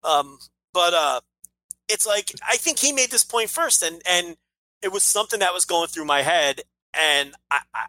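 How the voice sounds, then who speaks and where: Podcast guy ranting, bright edgy voice, dry close sound, swears a lot. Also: a little high, no echo, rough recording. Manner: emphatic and ranting, swears, many restarts. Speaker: podcast co-host. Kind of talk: casual podcast chat.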